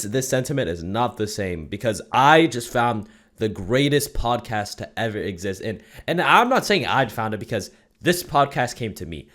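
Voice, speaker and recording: A young man hosting his own channel, delivering a profane, mock-zealous comedic rant that swings from muttering to shouting. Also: lowish voice. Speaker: YouTube commentator.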